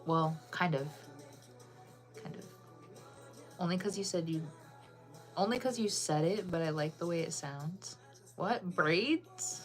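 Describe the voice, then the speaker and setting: Lower-pitched girl rambling to her stream chat, bubbly and giggly, soft music playing behind. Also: takes it slowly, pauses often. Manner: chatty, bubbly, lots of "like" fillers. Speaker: livestreamer chatting with viewers. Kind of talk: casual live-stream chat.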